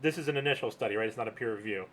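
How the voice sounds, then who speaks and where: A man's voice: medium pitch, racing, a bit bright. A man co-hosting a casual podcast, chatty and joking, laughing often. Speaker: podcast co-host. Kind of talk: casual chat.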